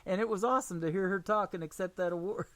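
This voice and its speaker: A woman with a Southern Missouri accent hosting a casual radio interview, chatty and quick to laugh, with rambling restarts. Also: medium pitch, dry recording. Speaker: radio show host.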